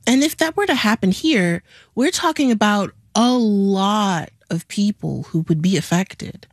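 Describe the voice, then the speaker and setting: A woman co-hosting a conversational news podcast, crisp, explanatory and wry, on a studio mic. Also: medium pitch, animated, a little slow, dry recording. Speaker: podcast co-host.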